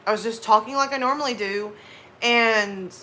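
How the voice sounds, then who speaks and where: A woman's voice: a little high, moderate pace, pushed and bright, slight background noise. Chatty Southern woman live streamer. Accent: light Southern US. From American South. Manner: chatty, laughs often, slips into drawled Southern phrases. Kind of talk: casual chat with live chat viewers.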